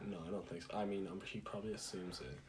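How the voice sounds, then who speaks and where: A man's voice: sits low, flat delivery, fast, over a noisy crowd. A young man co-hosting a casual podcast, rambling with lots of fillers and restarts. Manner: rambling, hesitant, full of fillers. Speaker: podcast co-host. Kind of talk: casual chat.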